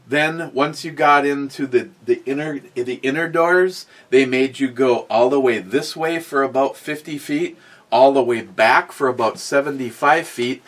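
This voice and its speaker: A man's voice: mid-range voice, measured pace, fairly bright tone. A man hosting a casual podcast, rambling through a story with many restarts and fillers, and reading out chat comments. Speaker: podcast host.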